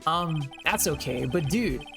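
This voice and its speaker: A woman's voice: sits low, expressive, measured pace, gravelly, over music, exaggerated voice. A woman voicing a laid-back adult man who keeps saying dude, in an easygoing, slangy drawl.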